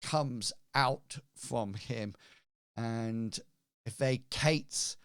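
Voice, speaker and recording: Man running a tabletop game, really slow, smooth clear voice, dry close sound. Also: medium pitch, fairly even intonation, no room sound. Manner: slow, halting narration with fillers. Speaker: game master.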